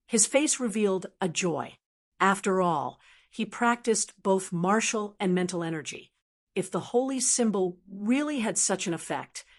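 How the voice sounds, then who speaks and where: A woman's synthetic voice reading an audiobook in even, steady scripted narration. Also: mid-range voice.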